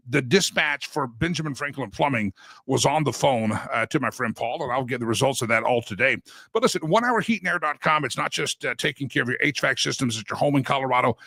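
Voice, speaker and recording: Gravelly guy hosting a live talk show, bright edgy voice, gets all worked up. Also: mid-range voice, no room sound. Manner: fiery, gets worked up, ranting; folksy ad read for a sponsor.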